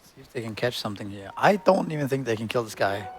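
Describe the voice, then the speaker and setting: A man's voice: mid-range voice, lively intonation, fast talker, music in the background. Analytical male esports color commentator. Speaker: esports co-caster.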